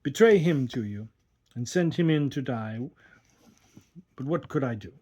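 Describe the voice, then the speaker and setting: A man reading aloud and voicing a young Italian fisher lad who speaks gravely and haltingly. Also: medium pitch, lively intonation, darkish tone, highs cut off.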